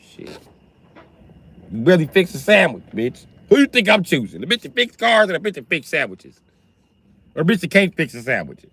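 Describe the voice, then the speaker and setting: A man hosting a livestream, talking in a casual, profane and animated way as he tells stories. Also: a little high, brisk, vocal fry, long pauses, breathy edge, dry recording. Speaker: livestream host.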